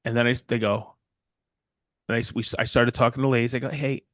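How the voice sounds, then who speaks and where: Podcast co-host, middle-aged, rambly storyteller, dry close sound. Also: male voice, mid-range voice, fast talker, dry recording. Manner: rambling, animated, quotes people in voices. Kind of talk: casual storytelling chat.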